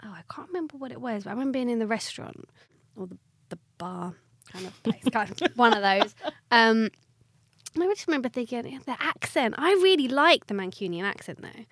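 A woman's voice: on the high side, a little fast, no echo, studio quality. Giggly young woman from southern England. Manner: giggly, animated, chatty. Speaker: podcast host. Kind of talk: casual chat.

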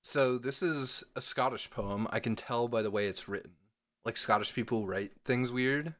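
A man's voice: mid-range voice, moderate pace, fairly bright tone. A man co-hosting a podcast in casual chat, playful and rambling, with a lot of "like" and filler words. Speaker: podcast co-host.

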